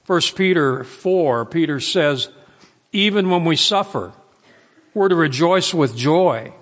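A male preacher delivers a sermon with slow, deliberate emphasis, dwelling on key words. His voice sits a little high for a man. The sound carries the long reverb of a large church hall. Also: lively intonation, fairly bright tone.

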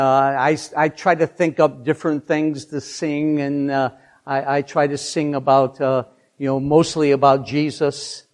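An older man giving a devotional talk, halting with many fillers, lingering over phrases and asking listeners to repeat after him. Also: on the high side, darkish tone. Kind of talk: devotional talk with psalm reading.

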